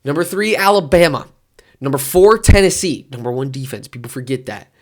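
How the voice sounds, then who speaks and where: A man vlogging about sports in a casual, rambling way, his voice jumping high when he gets worked up. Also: expressive, a little fast. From Detroit area.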